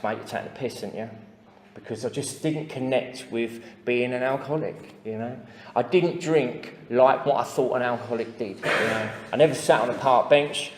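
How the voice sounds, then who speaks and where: A man's voice: medium pitch, slight background noise. A man with an English accent sharing his recovery story at a meeting, plain-spoken and full of asides and fillers. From England. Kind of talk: personal testimony to a recovery meeting. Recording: echoey hall with long reverb.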